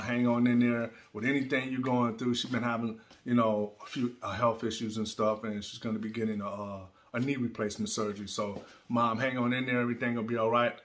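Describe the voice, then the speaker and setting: A man's voice: mid-range voice, fairly bright tone. A man hosting his own video channel, talking casually from his studio in a heartfelt, rambling way and repeating words as he goes. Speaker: channel host. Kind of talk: casual vlog talk.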